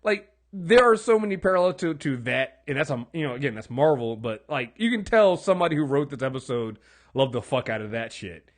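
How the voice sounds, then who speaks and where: A man co-hosting a casual TV recap podcast, rambling and animated, swearing freely and acting out characters' lines. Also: mid-range voice, fairly quick. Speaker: podcast co-host.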